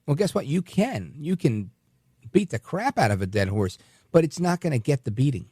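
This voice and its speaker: A male talk radio host with a gravelly edge to his voice, speaking in a dry, close sound. His pitch swings widely as he tells a story in a loose, casual monologue, and he often restarts sentences by repeating his first words. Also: normal speed, no echo. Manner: animated, repeats words when starting sentences.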